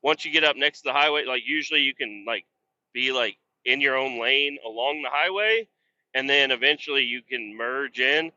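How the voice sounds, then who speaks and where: A man's voice: mid-range voice, normal speed, sharp tone. A man telling rambling, blunt stories full of swearing, ranting with exasperation as he drives a truck. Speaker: podcast host and truck driver. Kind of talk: rambling casual storytelling. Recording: dull lo-fi sound.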